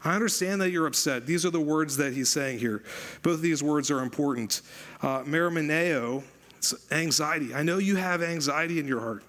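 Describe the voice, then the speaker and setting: A male pastor delivers a sermon in a conversational, animated way, repeating phrases for emphasis. His voice sits on the high side, and he speaks at a moderate pace.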